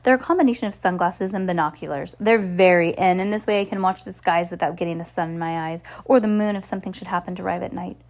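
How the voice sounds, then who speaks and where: A woman's voice: lowish voice, quick pace, hardly any pauses, darkish tone, close to an everyday voice. A woman voicing a vain, scheming, fashionable female villain who talks haughtily in a storybook reading. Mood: smug. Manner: haughty, purring, snappish.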